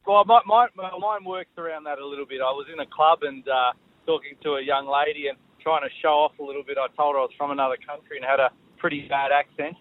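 An Australian man calling a radio show to tell an anecdote, loud and excitable. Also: a little high, fast talker, dry recording. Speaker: caller. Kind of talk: phone-in anecdote. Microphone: telephone. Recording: tinny phone line.

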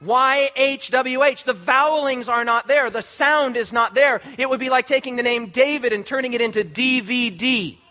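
High-voiced man preaching a sermon. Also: normal speed, few pauses, bright, forceful tone. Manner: emphatic preaching with repetitions and restarts. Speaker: pastor. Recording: muffled lo-fi sermon recording.

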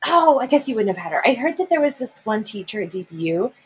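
A young woman chatting casually as a podcast co-host, with a slightly husky voice. Her pitch swings widely, and she often breaks into giggles and gasps. She comes from the Midwest. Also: big pitch swings, quick pace, rough recording. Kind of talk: casual chat.

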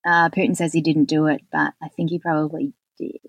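A woman's voice: low voice, level tone, a little fast, gravelly, slightly rough, no room sound. A woman co-hosting a podcast, chatting casually and running through a list of facts with fillers. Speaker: podcast co-host. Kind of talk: casual chat.

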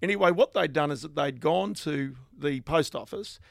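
A middle-aged Australian man telling lively anecdotes in a casual interview, with chuckling asides. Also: on the high side, moderate pace, vocal fry, no echo, clean studio sound. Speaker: guest, finance journalist.

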